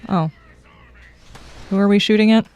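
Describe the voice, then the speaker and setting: A woman's voice: mid-range voice, moderate pace, darkish tone, faint music behind. Chatty, opinionated woman streamer. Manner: chatty, opinionated, talks to the game. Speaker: game streamer. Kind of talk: casual gameplay commentary.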